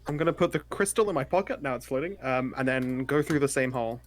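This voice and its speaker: A man's voice: mid-range voice, quick pace, slight background noise. A man playing a tabletop game, talking casually and hesitantly with fillers. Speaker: player.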